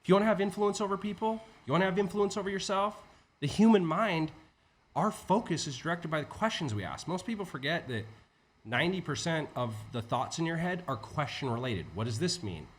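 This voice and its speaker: A man as a podcast guest, an entrepreneur teaching in a casual, animated way with frequent swearing. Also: a little high, a little fast. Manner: animated, profane, acts out inner voices. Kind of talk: conversational teaching.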